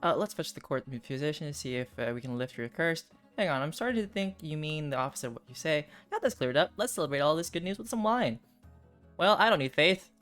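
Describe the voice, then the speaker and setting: A man's voice: fairly high pitch, lively intonation, fast, hardly any pauses. A male streamer hosting a game session, moving between casual chatter and reading story text aloud. He tosses in dry asides and laughs often, with faint music underneath.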